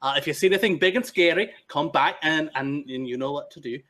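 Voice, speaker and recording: A man's voice: a little high, quick pace, pitched above the performer's own voice. A man voicing an eager, chatty male woodsman and scholar who rambles constantly and is setting out into the world for the first time. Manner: rambling, talks constantly, excitable.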